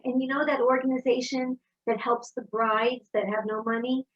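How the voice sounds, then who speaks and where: A woman giving an inspirational talk, telling personal stories in a lively storytelling manner. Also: on the high side, moderate pace, dull audio. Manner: storytelling, warm and animated. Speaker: speaker.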